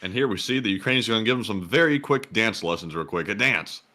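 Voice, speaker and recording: Fast, bright wisecracking co-host man. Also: fairly low pitch, expressive. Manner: wisecracking, quick interjections. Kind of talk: casual co-hosted commentary.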